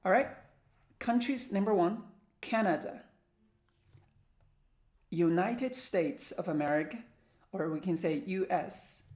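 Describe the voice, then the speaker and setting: A woman teaching English vocabulary, reading country names and numbers aloud one by one and slowly. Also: on the low side, a little mellow, reverberant. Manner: slow, careful word-by-word reading. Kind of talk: vocabulary lesson, reading word lists aloud.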